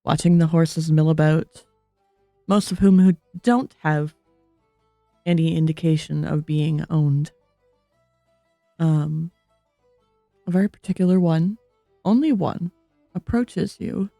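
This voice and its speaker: Woman game master, lower voice, dry close sound, faint violin music underneath, calm narration. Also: slow pace, gravelly, pauses often, no room sound. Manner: calm, steady narration with hesitations.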